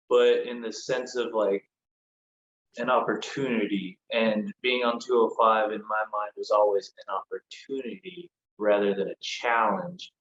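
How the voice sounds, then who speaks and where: A man, a former pro wrestler, telling stories casually as a podcast guest, swearing freely and peppering his talk with "like.". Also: mid-range voice. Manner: animated, swears freely, lots of "like". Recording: roomy, dull lo-fi sound with faint noise.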